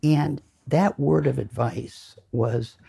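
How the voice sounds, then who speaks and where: A man's voice: mid-range voice, takes it slowly, gravelly, mellow, slightly rough. An older man giving a lecture, telling rambling, self-deprecating anecdotes full of fillers. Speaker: lecture speaker. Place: lecture hall.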